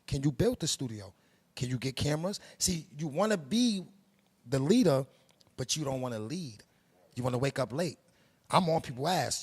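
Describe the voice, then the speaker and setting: A man's voice: mid-range voice, animated, moderate pace, slightly rough. A middle-aged man with a New York accent from Harlem, speaking casually and emphatically in an interview, full of street slang and life lessons. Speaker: production company head.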